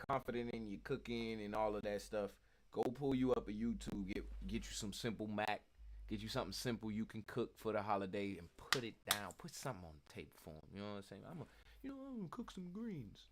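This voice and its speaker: A man's voice: fairly low pitch, slight background noise, low-quality recording. A man hosting a casual show, reacting to video clips in a laid-back, slangy way.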